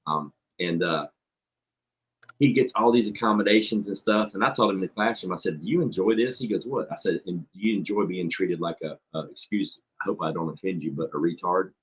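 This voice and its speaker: Guy ranting about teaching, deep husky voice, cusses a lot. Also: a little fast. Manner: blunt, profane storyteller acting out dialogue. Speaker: substitute teacher. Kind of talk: casual chat on a stream. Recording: dull lo-fi stream audio.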